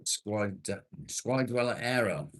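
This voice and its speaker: A man's voice: fairly low pitch, slow pace, fairly bright tone. A man from England hosting a casual livestream, reading and answering chat comments bluntly and swearing freely. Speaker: livestream host.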